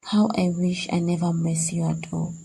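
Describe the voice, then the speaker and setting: A woman voices a heartbroken, betrayed young fiancée in a cartoon, sounding distressed, accusing, and angry in a heavily acted performance. Her voice is lowish, husky, and gravelly with a warm, level tone at a moderate pace, on a rough recording.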